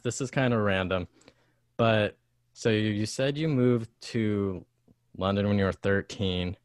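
A young American man with a fairly low voice talks in a loose, rambling way, dropping fillers as he goes. His tone is upbeat and friendly, and the recording is dry and close. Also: no room sound. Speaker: host, guitarist. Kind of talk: casual chat.

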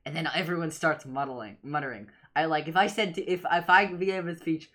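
A woman co-hosting a podcast in casual discussion, animated and jokey, slipping into quoted lines. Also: sits low, brisk, hardly any pauses. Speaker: podcast co-host.

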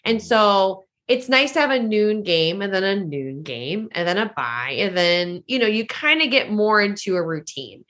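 A woman's voice: medium pitch, animated, normal speed, few pauses, fairly bright tone. A woman who works as a team broadcaster, talking as a guest on a podcast in a chatty way, full of "like" fillers. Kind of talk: casual podcast interview.

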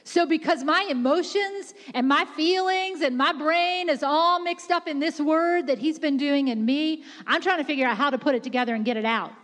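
A woman's voice: sits high, a bit bright. A woman preaching a sermon with passion, shifting her voice to act out the quotes she tells. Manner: impassioned, quick-shifting, voices God and the Pharisees in quotes. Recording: echoey hall reverb.

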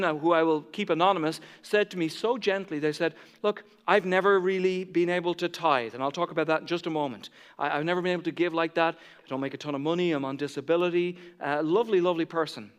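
High-pitched male pastor preaching, gets loud and fired up then goes quiet, long hall echo. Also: steady tone, fast, clear, resonant tone. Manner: impassioned preaching that swells loud, then drops to soft asides. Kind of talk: sermon. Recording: church hall reverb.

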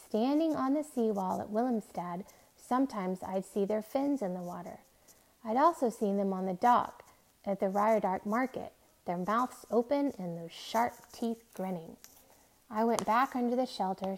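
A woman reading a novel aloud in a steady, soft, measured way. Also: mid-range voice. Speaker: reader.

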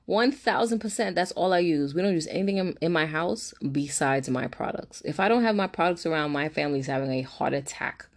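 A young woman with a low voice makes a brash, slangy pitch for her own beauty line. She talks in a chatty, playful way and laughs often. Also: fairly quick, hardly any pauses. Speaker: business owner promoting her products. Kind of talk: promotional pitch.

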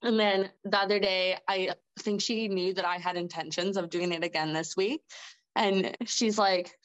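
A woman's voice: medium pitch, steady tone, normal speed, dull audio. A woman guest on a podcast telling stories casually, laughing often and filling her speech with "like". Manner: chatty, laughs often, heavy use of "like". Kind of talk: casual conversational storytelling.

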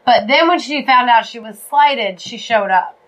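A woman's voice: on the high side, moderate pace, a bit bright, muffled recording. A woman co-hosting a podcast, retelling a fairy tale casually with jokes, swearing and apologetic asides. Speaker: podcast co-host.

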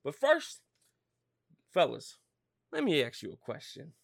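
High-pitched, wildly animated ranting man. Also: unhurried, gravelly, no room sound, studio quality. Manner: loud, swearing, rambling and fired-up. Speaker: podcast host. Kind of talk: profane sports rant.

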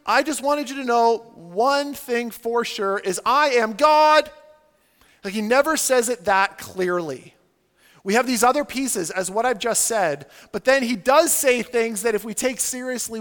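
A man preaching a sermon with a fairly high, very lively voice that leaps up and drops down as he acts out quoted voices. His talk is casual and loose, full of "like". The long reverb of a church hall trails behind each phrase. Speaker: pastor.

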